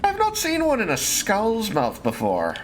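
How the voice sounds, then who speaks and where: A podcast co-host chatting casually while playing a video game, playful and quick to laugh. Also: medium pitch, huge pitch swings. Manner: playful, laughs often, drifts into silly voices. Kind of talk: casual chat while gaming.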